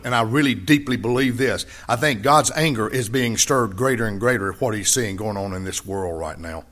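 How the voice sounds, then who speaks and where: A man preaching a sermon, repeating key phrases and swinging between loud high emphasis and quiet low asides. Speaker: pastor.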